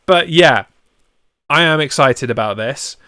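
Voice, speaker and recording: Brief: male podcast co-host, thirties, excitable sports talk, clean resonant voice. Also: a little high, a little slow, dry recording, studio quality. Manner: excitable, animated storytelling. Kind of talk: casual sports podcast chat.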